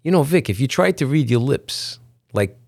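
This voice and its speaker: A male musician with a New York accent, chatting in an interview, halting and full of restarts. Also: mid-range voice, animated, vocal fry, a little mellow, husky, no room sound, clean studio sound. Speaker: musician guest. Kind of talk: casual interview chat. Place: video call at home.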